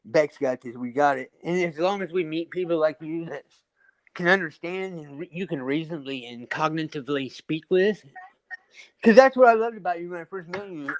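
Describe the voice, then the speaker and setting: On a live video call panel, a male guest with a fairly high voice chats casually at normal speed in a dry recording. He rambles while showing off his stonework and other things he built.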